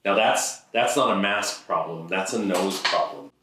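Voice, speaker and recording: A man tells funny stories about himself in a dry, self-deprecating way. His voice is low and deep. He is heard from a distance in a hall with strong echo. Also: expressive, measured pace, fairly bright tone, slight background noise. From Ontario, Canada. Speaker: comic storyteller. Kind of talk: humorous personal monologue. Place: event hall. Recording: echoey hall, mic far off.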